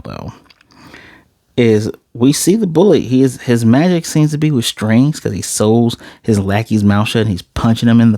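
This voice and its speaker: A man reviewing an anime episode, recapping the plot in a casual, animated way. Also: mid-range voice, no echo, studio quality. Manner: animated, chatty storytelling.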